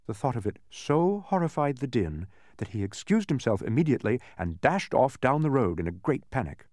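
A man narrating a storybook in an expressive, sing-song reading. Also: mid-range voice, moderate pace, hardly any pauses, no echo, clean studio sound.

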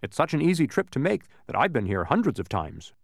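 A man's voice: mid-range voice, wildly swooping pitch, brisk, no echo, clean studio sound, voice pushed up. A man voicing a confused, changeable grown man in a storybook reading, swinging between extremes in his delivery. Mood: exuberant.

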